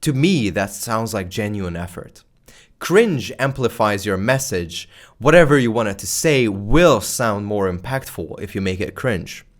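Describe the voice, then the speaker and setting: A man teaching video creators in a loud, playful, deliberately exaggerated way, speaking close to a microphone. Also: lowish voice. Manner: animated and casual, slangy, exaggerated excitement. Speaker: YouTube creator teaching strategy. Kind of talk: energetic talking-head lesson. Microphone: close microphone facing camera.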